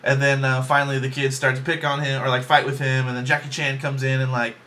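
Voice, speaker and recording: A man with a bright, forward voice rambles through a casual movie review at home in his bedroom. He jokes as he goes and fills his talk with ums and likes. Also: medium pitch, little pitch movement, quick pace, a little hiss or hum.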